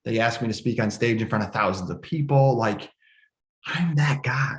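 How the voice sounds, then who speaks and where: Fairly quick and lowish in pitch, a man tells a personal story as a podcast guest, his delivery emotional and unsettled, with frequent restarts and quoted lines. He's in an echoey room at home.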